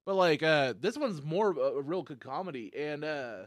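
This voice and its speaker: A man hosting a casual comedy podcast, rambling loosely and swearing freely. His voice sits a bit higher than most men's. It is recorded close and dry. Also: expressive, moderate pace, no echo. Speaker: podcast host.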